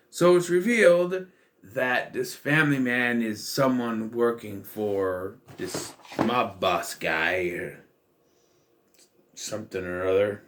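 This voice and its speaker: A man's voice: on the low side, slow pace, a bit bright. A man giving a casual spoken film review, rambling with fillers and restarts, wry and sarcastic. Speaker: movie reviewer.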